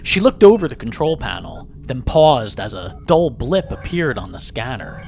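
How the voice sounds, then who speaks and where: Lively male storyteller over music. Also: medium pitch, moderate pace, gravelly. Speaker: narrator. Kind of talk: first-person story narration. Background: background music.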